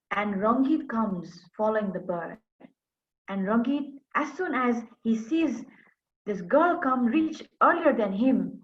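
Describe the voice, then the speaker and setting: An animated woman storyteller tells a folk tale to an online audience and speaks directly to her listeners. Her voice sits a little high, and it comes through dull, muffled call audio. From Darjeeling, India.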